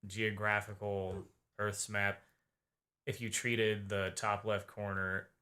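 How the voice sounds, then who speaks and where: A man's voice: on the low side, little pitch movement, takes it slowly, sharp tone. A man co-hosting a casual video-reaction chat, rambling and hesitant, often trailing off mid-thought.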